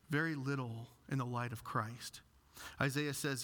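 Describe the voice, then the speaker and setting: A male pastor preaching a sermon with animated storytelling and self-deprecating humor. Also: sits high, moderate pace.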